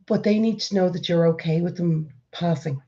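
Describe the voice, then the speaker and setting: A woman in her forties with an Irish accent, chatting casually as a vlogger and telling stories in a lively way. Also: fairly low pitch, moderate pace, dull audio. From Ireland. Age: 40s. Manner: lively storyteller, acts out quoted voices. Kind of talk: casual chat.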